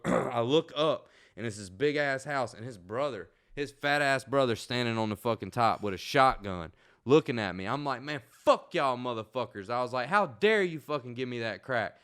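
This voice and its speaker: Bright-toned young man, profane. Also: mid-range voice, clear, resonant tone. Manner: profane, animated storytelling. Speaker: storyteller. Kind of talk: casual chat.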